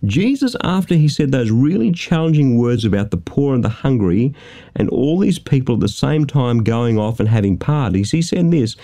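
Male studio preacher with a warm, mellow tone and an emphatic sermon delivery. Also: medium pitch, sing-song, moderate pace. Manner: emphatic preaching, rhetorical questions.

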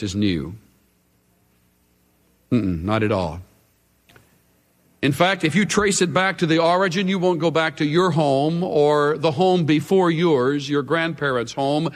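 A man preaching a sermon as a radio Bible teacher, emphatic, with dramatic pauses. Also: on the high side, long reverb tail.

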